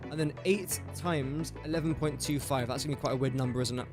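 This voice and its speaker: In casual live-stream commentary, a young man from England plays a building game, muttering through factory calculations and cracking jokes for his chat. He talks fairly quickly in a mid-range voice, with music in the background. He's an English gaming streamer.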